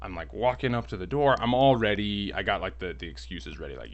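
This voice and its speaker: A man telling a personal story in a casual, rambling, animated way, filling his talk with "like", at home. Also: lowish voice, fairly quick, gravelly, lo-fi sound. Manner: rambling, animated, heavy use of "like".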